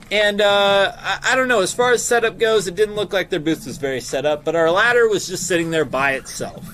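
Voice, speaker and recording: Animated, cursing man telling a story. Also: a little high. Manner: animated, profane, acts out both sides of the argument. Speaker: small business owner telling a convention story. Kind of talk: casual storytelling.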